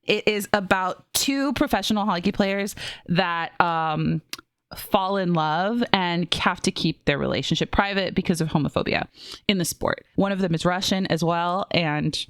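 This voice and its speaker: A woman co-hosting a film and TV review podcast in casual chat, animated and gushing, laughing and breaking off mid-sentence. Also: on the low side, normal speed, clear, resonant tone, no room sound, studio quality. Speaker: podcast co-host reviewing films and TV.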